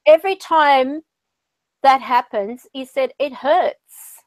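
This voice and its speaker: A woman's voice: high voice, takes it slowly, no room sound. Chatty woman medium, dry close sound. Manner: chatty, storytelling with quoted voices. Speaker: spiritual medium, channel host. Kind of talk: casual conversation.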